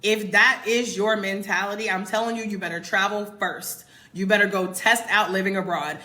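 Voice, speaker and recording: A woman's voice: medium pitch, fairly even intonation, moderate pace, pushed and bright. An American woman in her twenties or thirties chatting casually to livestream viewers, emphatic and talking straight to them. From United States. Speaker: expat content creator. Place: home in Mexico. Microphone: phone.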